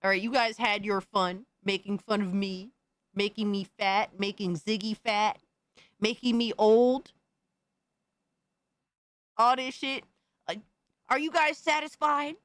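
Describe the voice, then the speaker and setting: Her mid-range voice stays fairly even, moving slowly with frequent pauses, and there's no room sound. She's a streamer on a casual live stream, mock-outraged at viewer videos, swearing often, dropping slangy remarks and calling everyone "bro."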